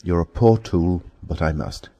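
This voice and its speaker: A man voicing a menacing, bullying man who delivers curt threats with quiet emphasis in an audiobook. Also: low-pitched, measured pace. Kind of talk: audiobook character voice.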